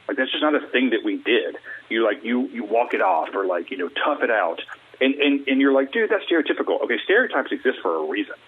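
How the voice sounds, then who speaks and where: Husky man on a tinny phone line. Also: medium pitch, a little fast. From Alabama, US Deep South. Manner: animated, acts out quoted small talk. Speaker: guest, mental wellness coach. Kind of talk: earnest casual talk.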